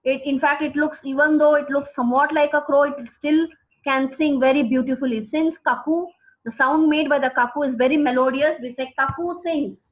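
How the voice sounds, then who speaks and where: A woman teacher, explaining words to students slowly and repeating key words. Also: sits high, fairly even intonation. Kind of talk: classroom vocabulary lesson. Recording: dull lo-fi recording.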